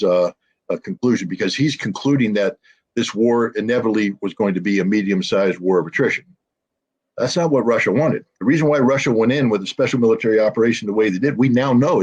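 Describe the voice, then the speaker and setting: A man's voice: on the low side, darkish tone, slightly rough, lo-fi sound. A man giving commentary as an interview guest, hesitant with fillers at times and emphatic at others. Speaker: guest analyst.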